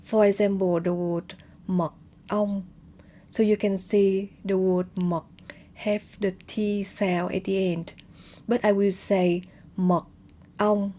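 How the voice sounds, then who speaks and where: A woman with a Vietnamese accent explains a language lesson at an unhurried pace, demonstrating each word with care. Her voice is mellow and relaxed, with a moderate pitch. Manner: careful, demonstrates words. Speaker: language teacher.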